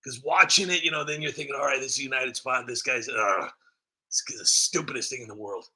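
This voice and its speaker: A man's voice: medium pitch, fairly quick, pushed and bright. A man on his own comedy channel, rambling through a self-mocking comic rant.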